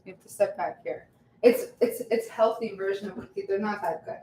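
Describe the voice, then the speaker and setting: A woman's voice: mid-range voice, a little fast, mellow, slight background noise. A woman chatting casually to her livestream viewers while she bakes at home, laughing often and trailing off with fillers. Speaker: vlogger baking on a livestream. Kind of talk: casual chat while baking. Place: home kitchen. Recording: echoey kitchen with faint ambience.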